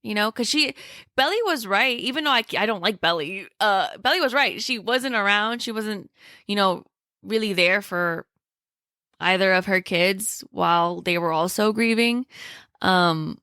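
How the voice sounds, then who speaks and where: A woman's voice: mid-range voice, a little slow, dry recording, clean studio sound. A young woman co-hosting a podcast, chatting casually and animatedly with lots of fillers. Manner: animated, many fillers, quotes characters in put-on voices. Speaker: podcast co-host. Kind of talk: casual chat.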